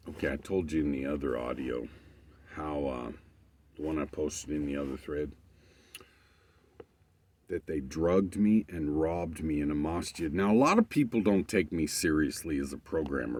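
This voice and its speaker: Brief: low-voiced man, swearing a lot, loose and emphatic storytelling. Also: expressive, normal speed, a little mellow, husky. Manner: profane, emphatic rambling. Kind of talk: casual monologue.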